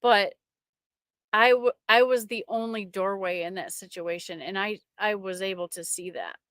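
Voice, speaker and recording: Emotional woman giving a halting testimony. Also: medium pitch, fairly bright tone, no room sound, clean studio sound. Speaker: trucker sharing a faith testimony. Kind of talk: personal testimony to an online audience.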